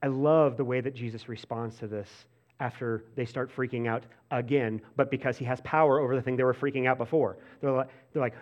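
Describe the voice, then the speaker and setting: A man preaching a sermon in a casual, conversational way, full of "like" fillers and restarts, swinging between animated bursts and hushed, soft passages. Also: medium pitch, brisk, dull audio. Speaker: pastor.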